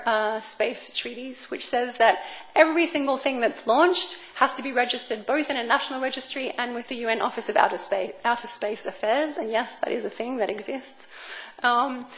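Woman, fairly high voice, lecturing on law, measured delivery with fillers. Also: fairly bright tone. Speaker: speaker on space law. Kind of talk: academic talk. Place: lecture room.

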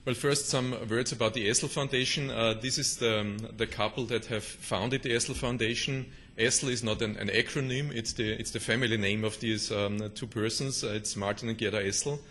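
A man's voice: mid-range voice, fairly even intonation, fairly quick, hardly any pauses, fairly bright tone, slight background noise. A middle-aged man with a German accent giving a conference presentation, hesitant with many fillers and restarts. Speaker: conference speaker.

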